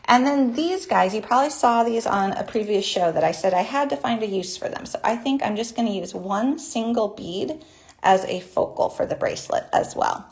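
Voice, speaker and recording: A woman hosting a live jewelry-making class, chatty and bubbly, greeting viewers by name, with a naturally high voice. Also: gravelly, darkish tone. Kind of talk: live online craft demonstration.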